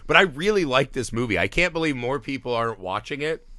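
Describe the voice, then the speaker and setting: A man's voice: medium pitch, lively intonation, quick pace, bright, forceful tone, no echo, clean studio sound. A man co-hosting a movie podcast in casual, profane chat, acting out characters' lines as he goes. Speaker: podcast co-host.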